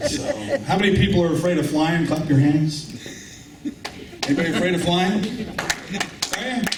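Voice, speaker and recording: A man's voice: on the high side, normal speed. A middle-aged man doing a rambling, crude, self-mocking stand-up comedy set in a club with a live audience. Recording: roomy, distant club recording with loud ambient noise.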